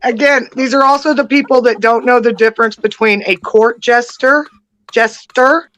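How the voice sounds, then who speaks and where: A woman's voice: on the high side, steady tone, moderate pace, fairly bright tone. A woman co-hosting a political livestream, sarcastic and casual, sometimes stumbling over her words. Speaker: livestream co-host.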